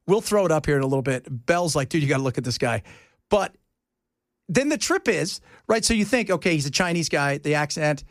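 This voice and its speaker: A man hosting a talk radio show, rambling in a casual, animated way from topic to topic. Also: on the high side, dry recording, studio quality.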